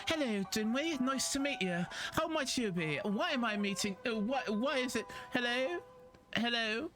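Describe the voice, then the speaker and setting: A woman's voice: fairly high pitch, animated, normal speed, over music. Giggly English streamer woman. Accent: southern English. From England. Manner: giggly, chatty, self-deprecating, lots of restarts. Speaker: game streamer. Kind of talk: casual live-stream chat.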